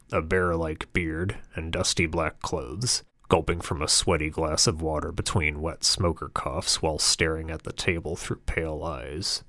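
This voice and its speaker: A man narrating an audiobook in a steady, descriptive storytelling manner. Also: very deep voice, no room sound, studio quality. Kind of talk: scripted narration.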